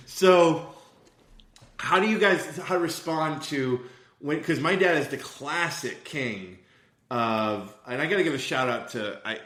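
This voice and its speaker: A man in his thirties with a bright, forceful voice, chatting casually and swearing freely. He rambles from story to story and laughs often. His voice sits in a roomy, echoing space. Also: lowish voice. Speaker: podcast co-host.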